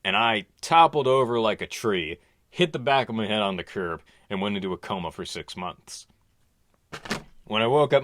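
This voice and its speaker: A man telling an absurd crude story in a deadpan, rambling comic style. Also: on the low side, brisk, dry recording. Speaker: comedian.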